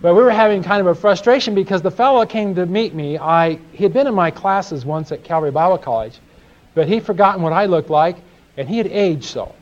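A man's voice: high voice, fairly quick. A man teaching a sermon, telling folksy stories and asking his audience questions. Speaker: Bible teacher. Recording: dull lo-fi live recording.

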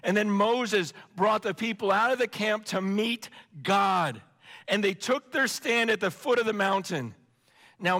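A man preaching a sermon with passion, swinging between shouting and hushed tones. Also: sits high. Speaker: pastor. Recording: long hall reverb.

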